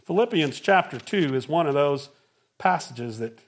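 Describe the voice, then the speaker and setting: A middle-aged man preaching a sermon, telling stories with lively acted-out quotes. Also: fairly high pitch, normal speed. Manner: animated storytelling with acted-out quotes. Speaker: pastor.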